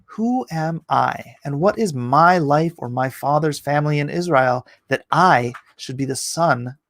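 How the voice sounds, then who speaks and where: A man's voice: on the high side, unhurried, fairly bright tone, no room sound. A man reading scripture aloud on a casual livestream, breaking off to joke and greet chat viewers by name. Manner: laughs at his own asides.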